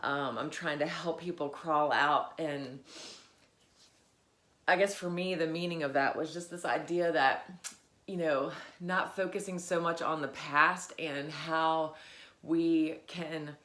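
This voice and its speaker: Low-voiced woman in an echoey room. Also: fairly even intonation, a bit bright. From Virginia, USA. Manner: halting, many fillers, grows emotional. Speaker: vlogger. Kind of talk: personal faith reflection vlog.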